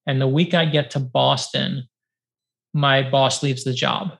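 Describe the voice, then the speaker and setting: A middle-aged man from New York, an author guest telling lively stories in a podcast interview over a video call, acting out the dialogue he recalls. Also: medium pitch, a little slow, creaky. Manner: lively, acts out quoted dialogue, many fillers of 'like'. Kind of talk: animated storytelling in a podcast interview.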